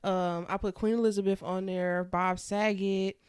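A woman's voice: mid-range voice, level tone, normal speed, a little mellow, clean tone. Young woman, casual co-host, blunt and giggly. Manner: frank, laughs a lot, swears casually. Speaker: podcast co-host. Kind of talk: casual chat.

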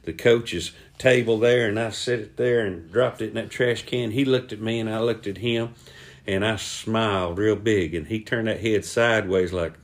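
A man telling a long funny story on a podcast, acting out other people's voices. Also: moderate pace. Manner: acts out voices, shouting quoted lines high. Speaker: podcast co-host. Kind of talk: animated storytelling.

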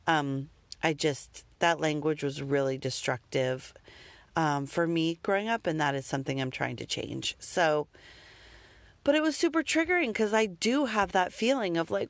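Woman, lowish voice, rambling candid monologue, self-critical, occasional swearing, dry close sound. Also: expressive, moderate pace, dry recording. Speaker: parent.

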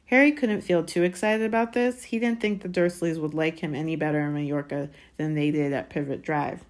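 A woman with a lowish voice narrates a chapter aloud. Her delivery is steady and expressive, in audiobook style. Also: a little fast, hardly any pauses. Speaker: audiobook reader. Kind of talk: audiobook reading.

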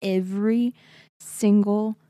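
A woman from Texas in casual conversation, talking fast with lots of fillers. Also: medium pitch, steady tone, dark tone, dry recording, studio quality. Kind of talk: casual chat.

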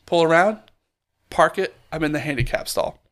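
A man with a slightly high voice tells a story in a casual podcast chat. He swears freely and acts out every voice in the scene. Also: normal speed. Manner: animated, profane, acts out both sides of a story. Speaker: podcast co-host.

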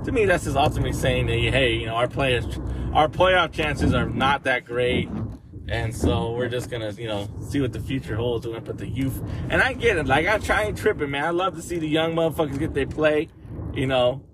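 A man's voice: mid-range voice, fairly quick. A man hosting a podcast, ranting casually about sports in rambling, profane slang while driving to work. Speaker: podcast host. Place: in a car on the way to work. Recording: loud car road noise.

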